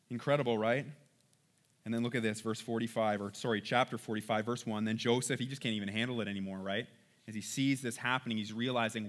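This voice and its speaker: A man's voice: fairly high pitch, pushed and bright. A man preaching a sermon, reading scripture aloud and then commenting on it, often checking in with "right?". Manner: conversational preaching with frequent "right?" check-ins. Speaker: pastor.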